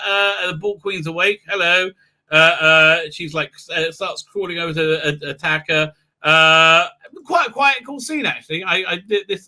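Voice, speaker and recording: A man with a high, very bright voice runs a casual livestream recap. He rambles through it with constant fillers and breaks into mocking, silly voices for the characters. It sounds loose and off the cuff. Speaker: livestream host reviewing a TV episode.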